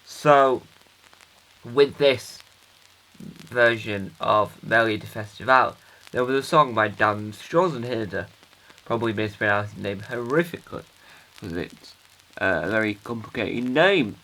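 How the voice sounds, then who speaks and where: A man's voice: fairly low pitch, expressive, unhurried, pushed and bright, heavily acted, poor audio. A man playing an earnest, rambling dad who records a hesitant, self-interrupting video diary for his kids. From United Kingdom. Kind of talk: comic character monologue.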